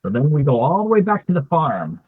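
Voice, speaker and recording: A man's voice: fairly high pitch, big pitch swings, brisk, husky, no echo. A man in casual chat, walking through his comic pages and lightly acting out the characters' lines. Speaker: artist co-host. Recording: tinny phone-like dry sound.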